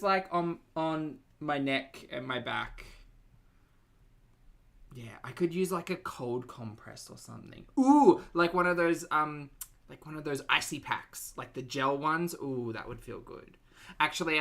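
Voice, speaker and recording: An Australian man hosting a livestream, talking loudly in a chatty, self-mocking way as he greets viewers and comments on videos. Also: medium pitch, gravelly. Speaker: reaction livestream host.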